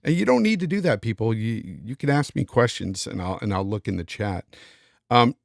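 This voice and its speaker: Low-voiced man hosting a lively podcast. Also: normal speed, vocal fry, no echo, clean studio sound. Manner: reads out super chats, thanks viewers. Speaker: podcast host. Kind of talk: casual live-stream chat.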